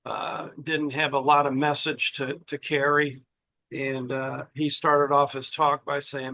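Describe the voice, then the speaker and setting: A man giving a personal recovery share at a meeting, halting, with many fillers and restarts. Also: medium pitch, flat delivery, bright, forceful tone, rough recording. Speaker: meeting attendee sharing.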